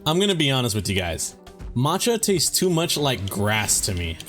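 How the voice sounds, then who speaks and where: A man's voice: medium pitch, big pitch swings, normal speed, over music. A young man ranting casually to his viewers as a vlogger, exasperated and emphatic, swearing often and using slang.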